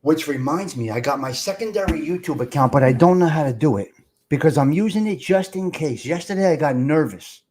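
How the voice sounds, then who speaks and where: A man's voice: a little high, animated, a little fast, a little mellow. A man hosting a casual live stream, rambling and swearing as he talks to viewers in the comments.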